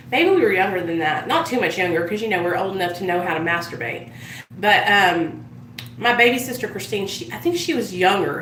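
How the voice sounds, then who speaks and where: A woman's voice: medium pitch, a bit bright, roomy sound, recorded from a distance, a little hiss or hum, low-quality recording. A woman chatting casually on a live stream, telling stories and swearing freely as she does her makeup. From United States. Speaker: vlogger.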